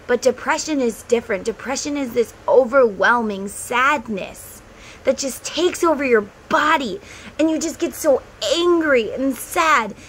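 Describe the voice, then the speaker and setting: Her voice high and a bit bright, a middle-aged spiritual and tarot vlogger addresses her viewers directly, sincere and relaxed as she shares earnest advice. There's slight background noise in this low-quality recording.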